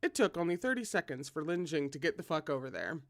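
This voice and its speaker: Fan reading a novel out loud, chatty asides, dry close sound. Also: medium pitch, sing-song, fast, no room sound. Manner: chatty asides to viewers between passages. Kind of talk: casual read-aloud of a novel.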